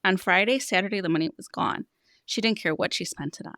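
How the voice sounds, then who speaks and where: A woman's voice: mid-range voice, fast, fairly bright tone, dry recording, clean studio sound. A woman in her thirties, a money coach, talking earnestly on a podcast and explaining with stories about her clients. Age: 30s. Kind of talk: podcast conversation, storytelling.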